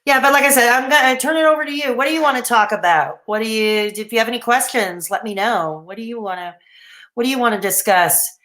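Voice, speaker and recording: A woman's voice: on the high side, quick pace, bright, forceful tone. A woman in her thirties from Canada hosting a rambling, casual late-night livestream, reading out and answering the live chat. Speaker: livestream host. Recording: echoey room.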